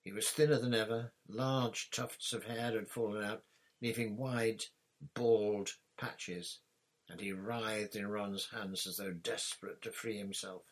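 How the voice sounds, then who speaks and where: Low, husky male storybook reader. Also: steady tone, unhurried. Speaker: audiobook reader. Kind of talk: storybook narration.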